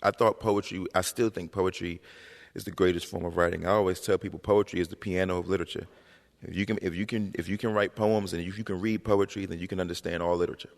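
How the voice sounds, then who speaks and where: A man in his thirties spins stories in an animated, slangy way before an audience. His voice is very deep with a gravelly edge. It carries the long reverb of a school auditorium. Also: fast. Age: 30s. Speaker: author and guest. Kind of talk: onstage storytelling conversation. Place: high school auditorium stage.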